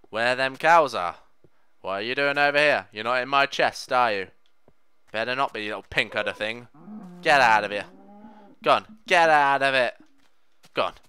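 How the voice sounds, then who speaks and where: A young man narrating his block-building gameplay in a bright, clear, smooth voice. He rambles and jokes as he goes. His pitch swoops up and down a lot. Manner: rambling, jokey, talks to the game animals. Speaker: Minecraft let's player. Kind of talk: gameplay commentary.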